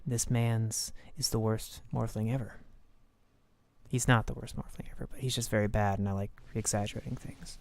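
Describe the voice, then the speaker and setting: A young man casting a video game with excitable, swearing, self-mocking commentary, talking close to his microphone. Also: on the low side, normal speed, creaky. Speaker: game caster. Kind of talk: casual esports commentary.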